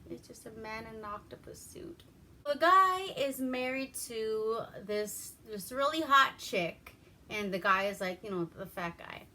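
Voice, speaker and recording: A woman's voice: on the high side, lively intonation, unhurried, sharp tone. A woman from Alaska giving a rambling, profane, wry movie review in casual chat.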